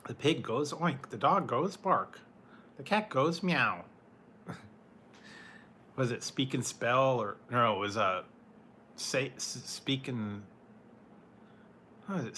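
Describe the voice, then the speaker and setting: Male food-review streamer who talks slowly and brightly, easygoing and giggly with his viewers. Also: medium pitch, slight background noise. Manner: chatty, laughs often, greets viewers by name. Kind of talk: casual live chat with viewers.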